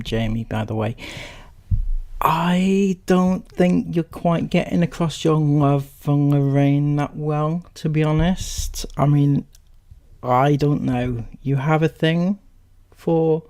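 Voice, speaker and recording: A man's voice: a little high, takes it slowly, a little mellow. A man hosting a commentary video, talking in a sarcastic, mocking way. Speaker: commentary YouTuber. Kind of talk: casual commentary.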